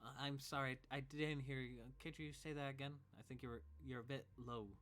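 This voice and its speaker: A man's voice: medium pitch, level tone, a little fast, a bit bright, lightly acted. A man voicing a flustered young barmaid in a tabletop game, stammering and nervous. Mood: puzzled.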